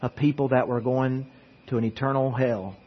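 Male pastor, husky voice, earnest preaching, long echo of a church hall on a dull lo-fi recording. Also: medium pitch, fairly even intonation, normal speed. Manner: earnest preaching with repeated words. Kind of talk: sermon.

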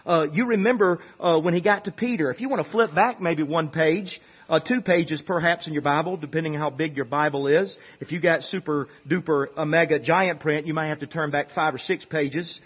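Pastor, male, husky high voice, chatty sermon building to loud emphasis, dull lo-fi recording. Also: moderate pace, few pauses. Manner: conversational preaching, rising to emphatic peaks.

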